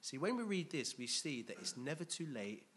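A man preaching a conversational, animated sermon, laughing often and restarting his sentences. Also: a little high, normal speed, breathy edge. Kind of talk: expository sermon.

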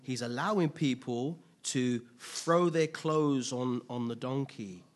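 A man preaching a sermon, asking rhetorical questions, making playful asides and building to loud, emphatic peaks. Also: mid-range voice, slow. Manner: casual asides with playful humor.

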